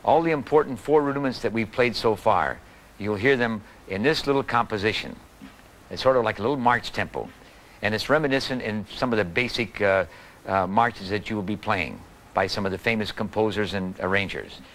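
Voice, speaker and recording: A man giving a calm, patient drum lesson for beginners, counting and calling out the strokes. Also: on the low side, a little fast, a little hiss or hum, poor audio. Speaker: drum teacher. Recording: old video tutorial with loud drums. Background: snare drum playing.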